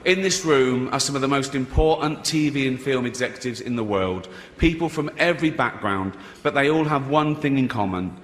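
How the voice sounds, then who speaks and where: A man's voice: mid-range voice, normal speed, hardly any pauses. A man hosting an awards show with a mocking comic monologue. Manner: mocking, teasing the audience. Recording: large hall with a crowd.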